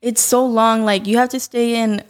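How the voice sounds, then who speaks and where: A woman's voice: fairly high pitch, flat delivery, moderate pace. A teenage girl from California, a shy guest co-host on a podcast, answering hesitantly in casual chat. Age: teens. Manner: shy, hesitant, short replies.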